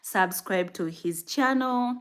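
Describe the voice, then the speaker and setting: A woman from Uganda with a Ugandan accent, chatting on her livestream and telling stories in a lively, animated way. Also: medium pitch, slow. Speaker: vlogger on a livestream. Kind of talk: casual livestream chat.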